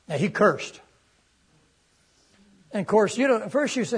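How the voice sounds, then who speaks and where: A pastor telling a story in a sermon, in a folksy, animated way with touches of humor. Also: male voice, sits high, normal speed, pauses often, slightly rough.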